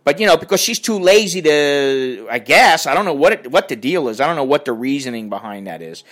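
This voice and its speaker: A man's voice: on the high side, animated, fairly quick, a bit bright. An older man ranting in a crotchety, profane and rambling way as he talks to his viewers. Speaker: vlogger. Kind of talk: casual rant to camera.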